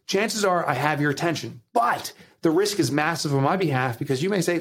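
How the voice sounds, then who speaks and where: A man with a New Jersey accent, a guest author on a podcast, telling stories with animated, acted-out quotes. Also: a little high, fairly quick, few pauses, breathy edge. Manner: animated storytelling, acts out quotes. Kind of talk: podcast interview.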